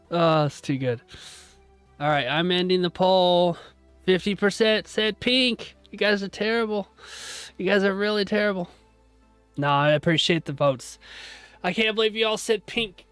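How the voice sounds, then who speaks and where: A fairly high-voiced man hosts a live stream in a loose, joking tone, chatting with viewers and thanking them as he goes. Faint music runs in the background. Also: moderate pace, long pauses, a bit bright, smooth, dry recording. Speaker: live-stream trading host. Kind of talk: casual live-stream chat.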